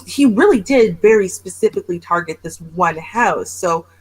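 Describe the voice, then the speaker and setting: A woman hosts a casual reaction chat, speaking emphatically and with plain disbelief. Her voice is husky and a little breathy. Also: lowish voice, expressive, normal speed, rough recording. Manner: emphatic, incredulous commentary. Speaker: show host.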